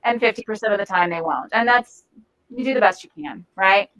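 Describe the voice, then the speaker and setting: A woman's voice: medium pitch, expressive, a little fast, a bit bright, low-quality recording. A woman giving a live training talk to a group in a room, conversational and often searching for words mid-sentence. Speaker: de-escalation trainer.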